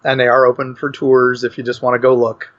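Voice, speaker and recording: A man's voice: mid-range voice, flat delivery, fairly quick. A man, a guest author, telling a rambling, enthusiastic story in a casual podcast chat. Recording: lo-fi dull podcast audio.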